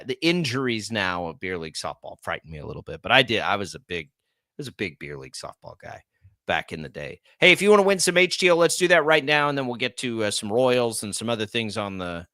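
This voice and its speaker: A man hosting a sports radio show in casual, energetic talk, with an American accent. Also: on the low side, fairly quick, no room sound, clean studio sound. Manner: chatty, energetic, reads ad copy.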